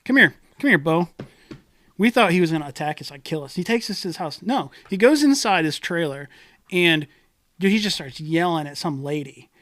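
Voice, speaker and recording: A man's voice: on the high side, a little fast, no room sound. A young man on a podcast, telling a wild story in casual talk, swearing and acting out the people he quotes. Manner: animated, swearing, acts out quoted voices. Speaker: podcast co-host. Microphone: studio podcast mic.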